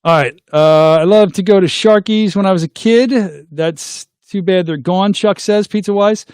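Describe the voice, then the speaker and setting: A middle-aged man, hosting a casual call-in show, goofy and excitable, making silly sound effects. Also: sits high, moderate pace, clear, resonant tone, no room sound, studio quality. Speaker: host of a call-in livestream show.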